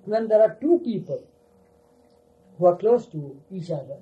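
An older man recalling his time with his teacher for a small gathering, unhurried and often adding "you see". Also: sits high, expressive, mellow, highs cut off. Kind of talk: reminiscing talk to a gathering.

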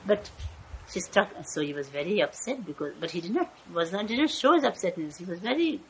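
A woman's voice: fairly low pitch, lively intonation, a little fast, fairly bright tone, slight background noise, poor audio. Older woman rambling through a family story. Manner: rambling, often searching for words. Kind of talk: personal storytelling. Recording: crowd chatter in background.

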